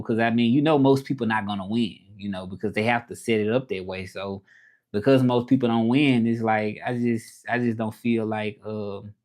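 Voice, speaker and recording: A man with a somewhat mellow voice on the low side hosts a casual livestream from his home in Mexico. He rambles, often restarts, and reads chat comments out loud.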